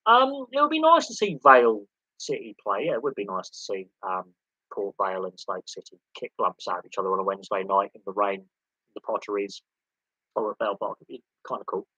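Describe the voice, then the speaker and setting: A man hosting a relaxed live sports Q&A, talking off the cuff. He rambles, stumbles over repeated words and slips in dark jokes. His voice is bright and a little husky, heard dry and close. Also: on the low side, brisk, no room sound, dull audio. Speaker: host of a live sports Q&A stream. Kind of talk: casual live-stream chat answering viewer questions.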